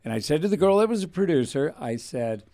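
A man's voice: fairly high pitch, very animated, quick pace, warm tone. A man telling a long rambling anecdote in casual chat, acting out the voices of people in the story. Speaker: radio host.

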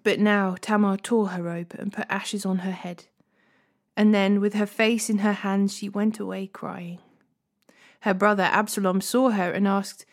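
A woman reading a Bible passage aloud as a steady storyteller, hosting a daily reading series. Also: mid-range voice, unhurried. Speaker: Bible reader.

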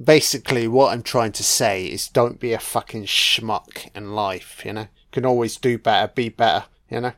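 A man's voice: on the low side, moderate pace, hardly any pauses, a bit bright, no room sound, clean studio sound. A man giving a casual, laid-back film commentary, swearing freely and often adding "you know".

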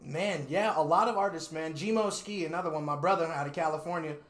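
A young rapper, also a videographer, gives a casual interview full of cursing and laughter, relaxed and loose throughout. His fairly high, fairly bright voice runs a little fast, captured with a roomy echo.

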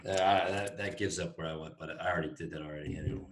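A man's voice: low voice, fairly even intonation, rapid-fire, slight background noise. A young man co-hosting a casual podcast, telling a rambling story with swearing and laughter. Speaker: podcast co-host. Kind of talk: casual chat. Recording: echoey room, mic at a distance.

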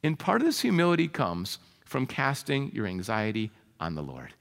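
A man's voice: fairly low pitch, wildly swooping pitch, normal speed, vocal fry, a bit bright, long reverb tail. A middle-aged male pastor preaching a sermon in an earnest, conversational way, with fillers along the way. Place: church sanctuary.

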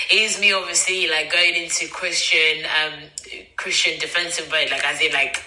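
A woman's voice: low voice, steady tone, normal speed, sharp tone. A woman, telling a personal story as podcast host in a chatty way, acting out dialogue and using many fillers. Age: 20s. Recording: roomy echo.

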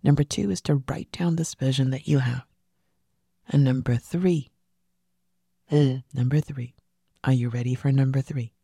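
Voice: medium pitch, fairly even intonation, unhurried, gravelly, long pauses, mellow, slightly rough, no room sound, clean studio sound. A podcast host giving a motivational monologue, emphatic and repeating key phrases, sometimes dropping into a whisper for emphasis.

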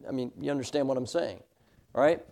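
A man's voice: medium pitch, a little fast, vocal fry, darkish tone. A middle-aged man teaching a Sunday school class, emphatic and often checking in with "all right?".

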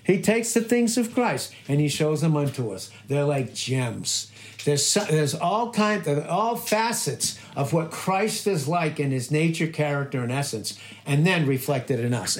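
A man's voice: a little high, a little mellow. A man preaching a sermon, emphatic and repetitive, firing off rhetorical questions to his listeners. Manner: repeats and stresses key phrases. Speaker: pastor.

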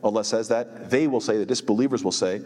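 A man explaining scripture in a lesson, emphatic and quick, often posing rhetorical questions to his listeners. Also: on the low side, a little mellow, long reverb tail. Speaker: Quran teacher.

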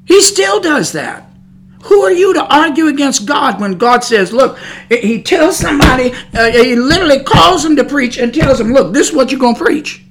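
A woman's voice: sits high, expressive, normal speed, a little hiss or hum. A woman preaching on a podcast, emphatic and scolding, repeating her points. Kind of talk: preaching monologue.

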